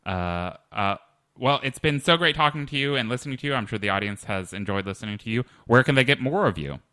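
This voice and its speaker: A man's voice: mid-range voice, expressive, fast, pushed and bright, dry recording. A man hosting a comedy podcast, talking in a hesitant, dry comic way with many fillers. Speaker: podcast host.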